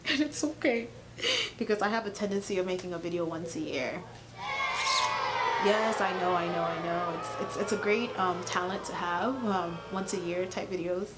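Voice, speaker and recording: A young woman from Cameroon telling a story on her channel, animated and sarcastic, laughing often. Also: fairly low pitch, normal speed, very noisy. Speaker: YouTuber. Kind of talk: casual storytime vlog.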